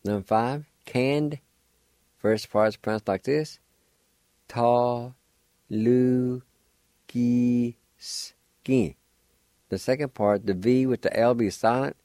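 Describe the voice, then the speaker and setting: A man hosting a radio language lesson, spelling and pronouncing words slowly and deliberately, letter by letter. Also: lowish voice, darkish tone, no room sound. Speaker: radio language teacher and host.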